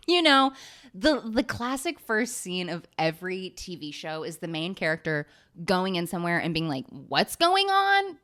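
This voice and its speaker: A woman's voice: on the low side, moderate pace, a bit bright. Rambling, sarcastic young woman. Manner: rambling, sarcastic, swears freely, laughs often. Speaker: podcast host. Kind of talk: casual comedic recap.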